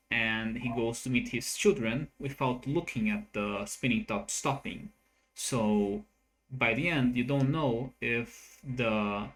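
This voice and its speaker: A man's voice: medium pitch, a bit bright. A man in a casual chat, arguing his view in an analytical, point-by-point way. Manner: argumentative, analytical. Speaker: co-host.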